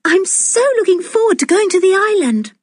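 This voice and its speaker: A woman reading aloud, voicing an eager, excitable little girl who pleads breathlessly. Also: very high-pitched, normal speed, no room sound, studio quality, voice pushed up.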